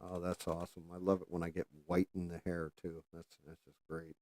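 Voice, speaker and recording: A man's voice: low voice, monotone, brisk, darkish tone, a little hiss or hum. A man hosting a casual livestream, rambling and swearing freely as he chats while doing careful handwork. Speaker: livestream host.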